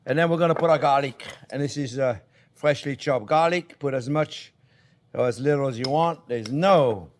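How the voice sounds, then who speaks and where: A man's voice: mid-range voice, moderate pace. Older French-accented man, cooking show host, enthusiastic and rambling with restarts. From France. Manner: chatty, enthusiastic, lots of fillers and restarts. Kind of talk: casual cooking demonstration. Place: home kitchen.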